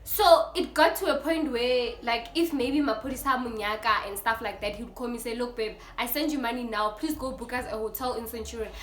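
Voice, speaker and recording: A young South African woman with a South African accent telling a story in a casual vlog, lively and acting out the people in it. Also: on the high side, brisk, hardly any pauses, roomy sound, a little hiss or hum. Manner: animated, switches between English and Setswana, acts out the people in her story. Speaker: YouTuber.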